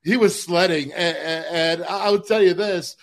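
A man's voice: sits high, unhurried. A man co-hosting a podcast in casual chat. He has a folksy way of talking, prompts the others for stories and often says "man.". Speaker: podcast co-host.

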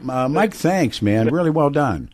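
A man's voice: fairly high pitch, animated, measured pace, darkish tone. A man hosting a radio talk show, chatting casually with callers and guests and laughing often.

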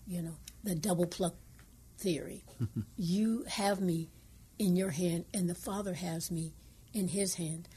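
A woman co-hosting a Christian radio talk show, speaking earnestly and quoting scripture, sometimes dropping into hushed asides. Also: lowish voice, steady tone, measured pace, husky.

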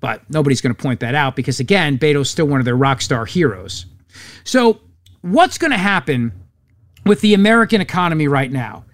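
A man with a fairly high, very lively voice hosting a commentary show, sarcastic and mocking. The sound is close and dry, with no room around it. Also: a little fast, dry recording. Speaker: radio talk show host. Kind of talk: opinionated commentary.

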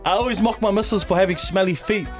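A man co-hosting a radio show, mocking his friends and quick to laugh. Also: high voice, soft background music. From New Zealand. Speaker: radio co-host. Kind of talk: casual radio banter.

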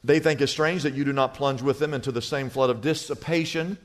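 A middle-aged man preaching a sermon as pastor, telling a story in a lively, animated way. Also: mid-range voice, fairly quick. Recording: long reverb of a large hall.

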